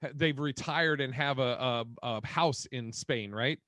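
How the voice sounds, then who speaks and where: A man co-hosting a casual podcast, telling gossip with lots of profanity and quick impressions of people. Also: mid-range voice, no room sound. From Boston area. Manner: profane, animated storyteller who mimics others. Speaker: podcast co-host. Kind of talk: casual chat.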